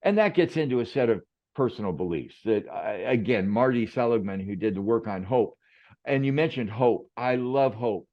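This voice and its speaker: A man's voice: mid-range voice, expressive, moderate pace, highs cut off. A man who is a management expert, a guest on a podcast, telling reflective stories in a conversational way. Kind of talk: conversational storytelling.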